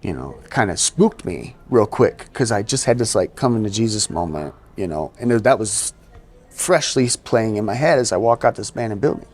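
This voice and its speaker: Low-voiced man telling his story. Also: animated, moderate pace, darkish tone. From US East Coast. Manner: conversational, sprinkles in "you know" and acts out quotes. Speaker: podcast guest. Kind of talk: casual storytelling in an interview.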